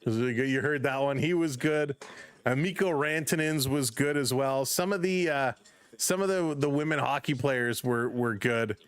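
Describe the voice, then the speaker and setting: A man's voice: a little slow, clear, resonant tone, no room sound. A man hosting a live baseball stream, mixing play-by-play with chatty greetings to viewers. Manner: chatty, greets chat viewers by name between pitches; gets loud and excited on big plays. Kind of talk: casual live play-by-play commentary.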